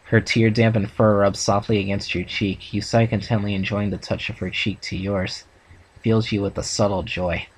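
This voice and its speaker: A man reading a second-person fan story aloud for a reaction video, steady with small restarts. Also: fairly low pitch, normal speed, slightly rough, rough recording. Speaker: fan fiction reader.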